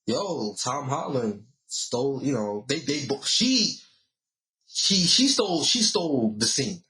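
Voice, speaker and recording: A man co-hosting a casual podcast speaks in a bright, mid-pitched voice. He is laid-back and slangy, and backs up his partner often. The room gives the sound a clear echo. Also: very animated, takes it slowly. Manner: laid-back, agreeable, lots of backchannel and slang. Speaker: podcast co-host. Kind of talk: casual chat. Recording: roomy echo.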